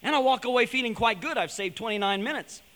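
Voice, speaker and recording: A man giving an animated, storytelling sermon-style talk to a young audience, building to emphatic points. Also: extremely high pitch, quick pace. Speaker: speaker addressing a young audience. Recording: long hall reverb.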